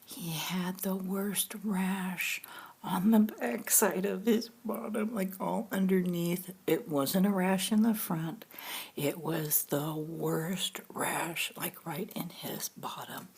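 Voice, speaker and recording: Middle-aged woman whispering a story real slow, laughs a lot, low-ish voice. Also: steady tone, creaky, husky. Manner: soft, half-whispered with bursts of laughter. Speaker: vlogger telling a story. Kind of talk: soft-spoken storytelling, partly whispered.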